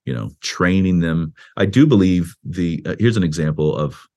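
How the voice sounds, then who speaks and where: Low-voiced pastor, animated and conversational. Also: male voice, moderate pace, muffled recording. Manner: animated, acts out quoted speech with a raised voice; conversational with frequent restarts and "you know". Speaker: pastor and author, interview guest. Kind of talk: explaining in a podcast interview.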